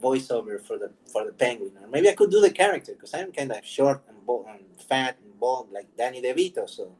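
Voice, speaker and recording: A man's voice: medium pitch, very animated, fairly quick, a little mellow, slightly rough, low-quality recording. A man hosting his own channel, chatting casually, rambling, laughing often and joking about himself. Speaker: vlog host. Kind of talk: casual chat.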